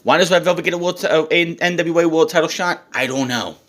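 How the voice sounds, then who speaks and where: A man's voice: fairly high pitch, quick pace, fairly bright tone. Profane, blunt young man ranting. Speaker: wrestling show reviewer. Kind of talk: casual rant review.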